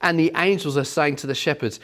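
Casting: middle-aged male preacher, slightly higher voice, animated storyteller. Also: brisk. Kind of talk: sermon.

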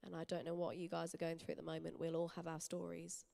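A woman's voice: sits low, monotone, fast, creaky, warm tone. A young woman giving a sermon in an earnest, personal, conversational way. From England. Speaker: church speaker. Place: church hall.

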